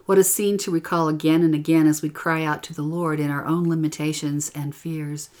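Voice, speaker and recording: A middle-aged woman with a notably low voice leads a scripture lesson. She reads in a gentle, earnest manner. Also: flat delivery, a little fast, few pauses. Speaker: scripture teacher. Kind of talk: gospel lesson with scripture reading.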